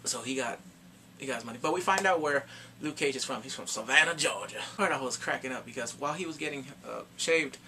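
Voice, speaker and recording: A man casually reviewing a TV series in slangy, animated chat, laughing often. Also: mid-range voice, fast, slight background noise. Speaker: show reviewer.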